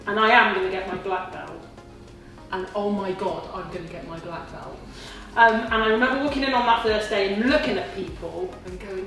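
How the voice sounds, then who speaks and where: A woman in her forties, a kickboxing student, gives a speech to a class about her gradings, acting out her own inner voice and her family's lines. Her mid-range, slightly bright voice moves at a moderate pace. The recording is distant and very echoey, with faint ambience and faint music behind.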